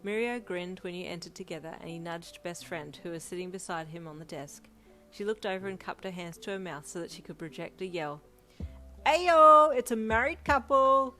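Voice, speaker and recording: Woman narrating a story, low voice. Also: steady tone, a little fast, faint music behind. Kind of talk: reading fan fiction aloud.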